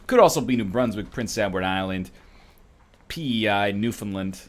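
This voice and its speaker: A man's voice: fairly low pitch, animated, normal speed. A man in his thirties rambles through a casual let's-play. His voice swoops up and down, and he keeps breaking into mocking put-on voices as he jokes along. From Canada. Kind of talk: casual gaming commentary.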